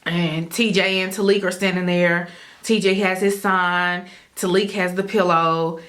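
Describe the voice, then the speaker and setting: A woman's voice: lowish voice, a little slow. Chatty woman telling a storytime. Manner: animated, addresses viewers as y'all, acts out her own inner thoughts. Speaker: vlogger telling her wedding story. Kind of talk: casual storytime chat.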